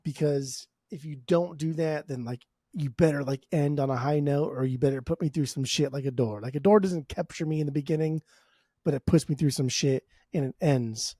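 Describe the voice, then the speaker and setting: A man's voice: on the high side, moderate pace, dark tone, slightly rough, no echo, clean studio sound. A man co-hosting a podcast in casual chat, joking and swearing freely. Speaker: podcast co-host.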